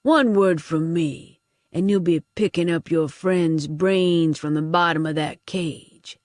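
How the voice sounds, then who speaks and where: A woman voicing a grizzled older male ex-guard leader who makes gruff threats in an audiobook. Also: on the low side, takes it slowly, darkish tone, no echo, studio quality. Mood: threatening.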